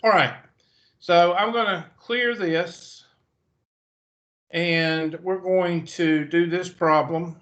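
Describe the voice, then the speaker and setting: A man's voice: high voice, fairly even intonation, takes it slowly, long pauses, a bit bright. A man with a Southern US accent teaching a math class over a video call, chatty and thinking aloud as he goes. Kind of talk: online class lecture. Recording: muffled video call audio.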